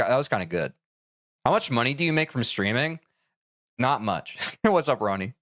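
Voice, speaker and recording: Animated, jokey male streamer. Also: medium pitch, normal speed, no room sound, clean studio sound. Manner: animated, jokey and self-deprecating, reacting to chat. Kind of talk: casual live-stream chat.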